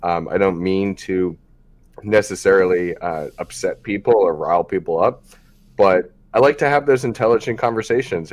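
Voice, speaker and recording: A man's voice: sits low, normal speed, a little mellow. A man hosting a podcast, talking frankly in a loose, rambling way with many fillers. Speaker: podcast host. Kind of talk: casual podcast chat.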